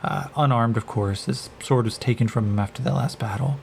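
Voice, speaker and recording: A man narrating a solo tabletop game as game master, in an unhurried, hesitant way with many pauses. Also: mid-range voice, fairly even intonation, gravelly, a little hiss or hum.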